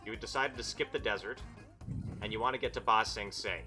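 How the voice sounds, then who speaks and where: A man's voice: fairly low pitch, brisk, pushed and bright, faint music behind. A man from Quebec with a Canadian accent, narrating a tabletop game as game master in a rambling, casual way. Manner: rambling, filler-heavy recap.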